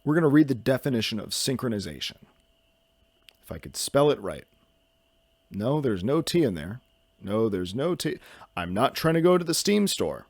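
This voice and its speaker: A man's voice: medium pitch, sing-song, moderate pace, long pauses, a little mellow, dry recording. A young man hosting a solo podcast, rambling in a goofy, self-mocking way and jumping from topic to topic. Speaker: podcast host.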